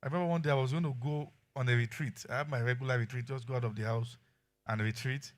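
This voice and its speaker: A middle-aged man with a Nigerian accent preaching a sermon, shifting between quiet asides and loud exclamations. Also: medium pitch, fairly even intonation, quick pace. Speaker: pastor.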